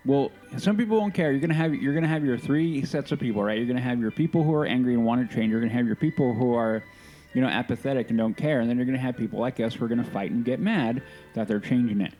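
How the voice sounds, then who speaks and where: A man's voice: medium pitch, fast talker, mellow, faint music behind, poor audio. A man co-hosting a podcast in casual chat, emphatic, repeating himself for stress. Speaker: podcast co-host.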